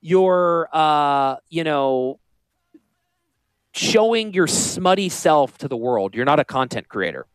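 Lively high-voiced Northern US radio host. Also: male voice, takes it slowly, clear, resonant tone, no echo. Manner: rambling, salesy and joking. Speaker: financial planner and radio host. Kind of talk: casual radio talk show.

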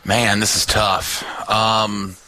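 A man's voice: fairly low pitch, flat delivery, takes it slowly, sharp tone, low-quality recording. A man on a radio show playing a survey game and trading joking banter. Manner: wisecracking, playful.

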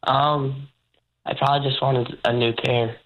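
A teenager called in on air, answering slowly and hesitantly. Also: mid-range voice, level tone, a bit bright. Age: teens. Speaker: caller, host's son. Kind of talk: phone call on air. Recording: dull phone line.

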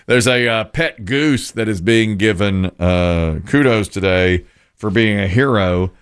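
A man's voice: on the low side, measured pace, clear, resonant tone. A man hosting a talk show, joking around and reading light news stories with playful asides. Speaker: radio show host. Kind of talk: casual morning show banter.

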